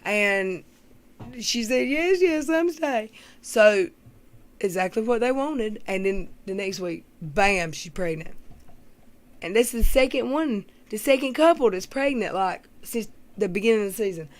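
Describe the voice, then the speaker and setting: A woman's voice: medium pitch, normal speed. A woman hosting a livestream, chatting casually with viewers in a blunt, rambling, gossipy way. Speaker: livestream host. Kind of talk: casual chat with live viewers.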